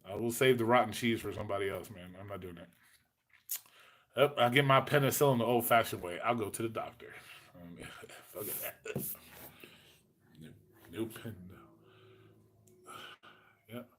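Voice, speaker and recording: A man's voice: on the low side, moderate pace, pauses often, a little hiss or hum. Male host, forties, casual, foul-mouthed, rambling chat delivery. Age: 40s. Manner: profane, rambling storyteller.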